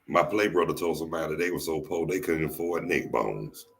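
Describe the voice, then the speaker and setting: Very deep-voiced Southern man, joking. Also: expressive, a little fast. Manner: joking storyteller, repeats and restarts phrases. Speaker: podcast host. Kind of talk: casual chat.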